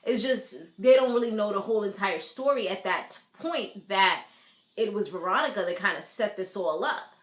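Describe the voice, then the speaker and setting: A woman recapping a TV episode in casual chat, animated, laughing often and acting out the characters' lines. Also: medium pitch, normal speed, reverberant. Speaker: TV recap vlogger. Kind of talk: casual recap with acted-out quotes.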